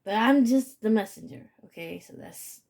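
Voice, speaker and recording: A woman's voice: mid-range voice, animated, moderate pace, vocal fry, darkish tone. A woman giving a casual spiritual reading to her viewers. She talks emphatically and swears freely, and she keeps repeating "okay?".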